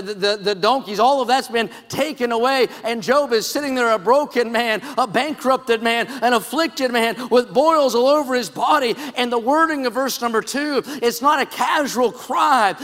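A man preaching a sermon, moving from hushed storytelling to shouted pleading. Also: very high-pitched. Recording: long hall reverb.

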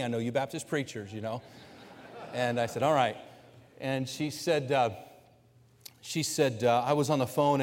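A man, a pastor, telling a story from the pulpit in a conversational sermon style and voicing the people in it. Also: mid-range voice. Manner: conversational storytelling, voicing quoted people, building to loud preaching. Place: church sanctuary. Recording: long hall reverb from a church sanctuary.

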